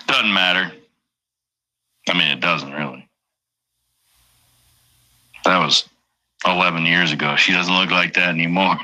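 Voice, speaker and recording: A middle-aged man hosts a livestream, rambling, swearing casually, and reading out chat names. His deep voice sounds pushed and bright, and he speaks unhurriedly with frequent pauses and no echo.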